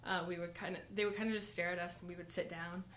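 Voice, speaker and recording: A young woman in a church college group, giving a personal testimony and short lesson, talking softly and haltingly with many fillers and nervous laughs. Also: lowish voice, little pitch movement, slight background noise. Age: young adult.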